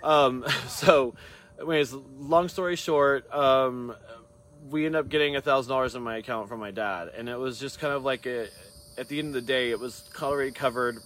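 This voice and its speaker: A man's voice: medium pitch, moderate pace, a bit bright, a little hiss or hum. A hairstylist man talking casually to his camera, rambling through a long story with many tangents and restarts.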